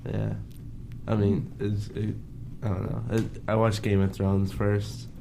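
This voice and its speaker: A man's voice: on the low side, monotone, unhurried, vocal fry, noisy background. A young man in his teens chatting offhand on a radio show, mumbling and hesitant, some way off the mic. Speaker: guest co-host. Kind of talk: casual chat. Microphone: mic set far from him.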